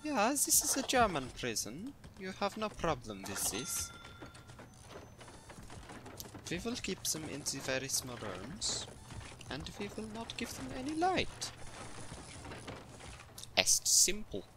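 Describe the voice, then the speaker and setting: A stern, clipped mock-German prison warden barks orders, as a man puts him on. The voice sits well above a normal speaking pitch and stays bossy throughout. A steady hiss of background noise runs under the recording. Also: measured pace, heavily acted.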